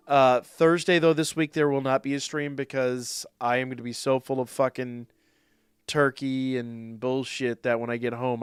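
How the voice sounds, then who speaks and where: A man's voice: medium pitch, clean tone, dry recording. Swearing man streaming a game live. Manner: swears a lot, rants in frustration; talks to chat in a casual tone. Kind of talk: live gameplay stream commentary.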